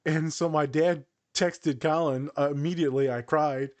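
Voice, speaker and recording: A man's voice: on the high side, fairly even intonation, moderate pace, a little mellow. A man in his thirties hosting a podcast, telling personal stories with feeling and acting out what people said. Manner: emotional, storytelling with acted-out quotes. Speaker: podcast host. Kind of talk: casual podcast chat.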